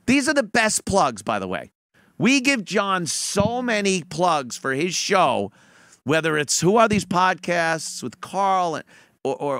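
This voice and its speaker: Man, podcast host, sarcastic, profane, mocking impressions, bright edgy tone, dry studio sound. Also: high voice, no room sound. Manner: sarcastic, profane, mimics people in a put-on voice. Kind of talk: mocking commentary on played clips.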